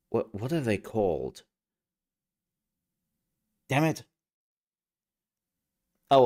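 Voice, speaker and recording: A man's voice: lowish voice, a little mellow. A man streaming a game, chatting casually in a rambling, joking way. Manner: rambling and jokey, with restarts and laughs. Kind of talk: casual live-stream chat.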